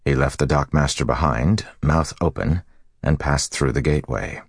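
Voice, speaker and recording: A man narrating a fantasy audiobook in a steady, even storytelling manner. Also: a bass voice, moderate pace, gravelly, breathy edge, no room sound, studio quality.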